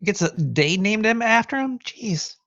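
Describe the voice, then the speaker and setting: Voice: mid-range voice, lively intonation, a little slow, fairly bright tone. A podcast co-host chatting casually and throwing in wisecracking asides. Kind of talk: casual chat. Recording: dull, dry lo-fi sound.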